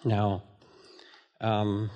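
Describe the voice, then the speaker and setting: An older man, a meditation teacher, gives a dharma talk in a gentle storytelling manner with fillers and restarts. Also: on the low side, monotone, very slow, muffled recording. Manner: storytelling, gentle, with filler words and self-corrections. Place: meditation hall with a live audience.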